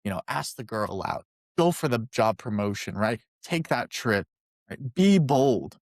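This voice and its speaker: A man in mid pitch chats loosely on a podcast, playful and upbeat, dropping into squeaky put-on voices for a joke. He sits close to the mic in a dry, dead room. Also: expressive, a little slow, darkish tone, no room sound. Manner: chatty, playful, jokes in silly high voices. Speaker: podcast co-host. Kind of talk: casual podcast chat.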